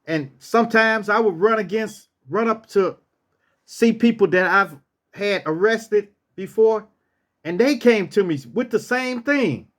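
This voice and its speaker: A man with a fairly high voice tells a story from his own life in a loose, casual way. He acts out the lines of the people in it and repeats phrases as he goes. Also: measured pace, fairly bright tone.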